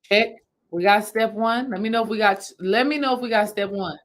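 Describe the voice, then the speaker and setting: Speaking fairly quickly at medium pitch, a woman spiritual healing coach leads her live audience through a meditation one step at a time. She keeps it casual and repetitive, on a rough recording.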